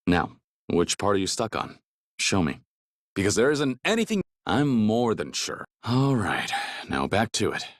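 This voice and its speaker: A gruff but kind middle-aged ex-yakuza from a video game, with a very deep voice that still moves expressively through its pitch. He talks plainly and steadily, recorded close and dry in a studio booth. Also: dry recording. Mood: encouraging. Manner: plainspoken, steady, low-key. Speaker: voice actor.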